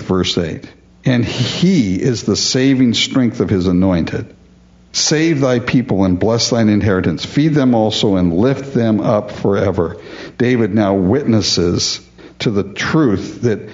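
A man's voice: fairly low pitch, a little mellow, dull audio. A man preaching a sermon, earnest and emphatic, often calling his listeners folks. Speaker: pastor.

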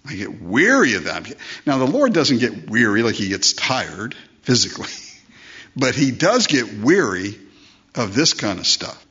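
A pastor delivers a conversational sermon, posing rhetorical questions and acting out the voices he quotes. His medium-pitched voice is sing-song, unhurried and bright, with a forceful tone. The sermon recording is dull and lo-fi.

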